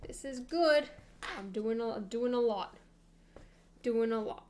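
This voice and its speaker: A young woman streaming, chatting casually and thinking aloud with soft laughs. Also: fairly high pitch, measured pace, a little hiss or hum.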